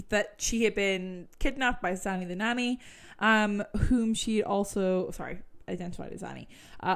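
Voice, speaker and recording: A woman's voice: mid-range voice, gravelly. A woman casually retelling a true crime case, chatty and full of fillers, swearing when she gets worked up.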